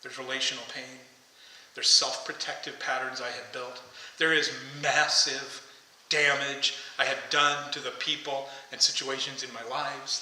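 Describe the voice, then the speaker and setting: A man preaching a sermon as pastor, impassioned, rising to loud calls as he tells the story. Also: mid-range voice, far from the mic. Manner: impassioned, shouting the calls to come out. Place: church sanctuary. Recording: echoey church hall.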